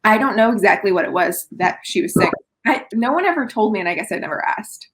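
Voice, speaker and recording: A woman's voice: mid-range voice, expressive, fast, noisy background. Woman client, unsure, short answers. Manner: hesitant, short replies. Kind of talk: casual conversation.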